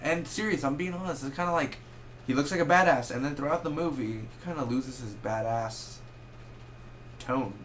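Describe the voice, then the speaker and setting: A man's voice: mid-range voice, a little hiss or hum. A young man giving a casual spoken movie review, rambling and correcting himself as he goes. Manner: rambling, self-correcting, animated with quick asides.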